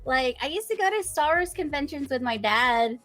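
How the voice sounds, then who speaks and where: A woman's voice: sits high, lively intonation, moderate pace, a bit bright, soft background music. A young woman streamer chatting as a guest, bubbly and giggly. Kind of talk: casual interview chat.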